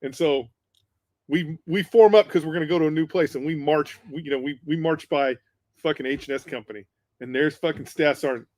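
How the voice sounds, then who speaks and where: A man telling a profane war story on a casual podcast, animated and swearing freely. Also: fairly high pitch, fairly quick, no room sound. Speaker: podcast co-host.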